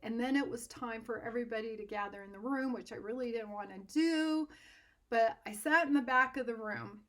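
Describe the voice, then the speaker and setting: Chatty woman telling a story on herself, highish voice, laughs a lot. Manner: animated, self-deprecating, laughs often. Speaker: art instructor. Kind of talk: personal storytelling.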